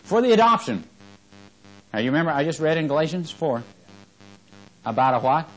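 A man preaching a Bible-teaching sermon, reading scripture with loud, rising emphasis and quizzing his listeners. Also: on the high side, fairly quick, faint music behind, rough recording.

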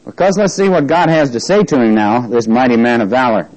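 Man, Bible class teacher, slow emphatic scripture reading, joking with the group. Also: mid-range voice, a little mellow, low-quality recording. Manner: reads scripture slowly with emphasis, jokes with class. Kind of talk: interactive Bible lesson.

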